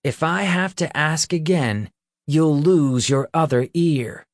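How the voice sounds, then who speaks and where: A man's voice: on the high side, slow pace, dry recording, clean studio sound, voice pushed up. A man doing a cocky, cruel young gang leader. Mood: menacing. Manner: taunting, commanding. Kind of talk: audiobook character voice.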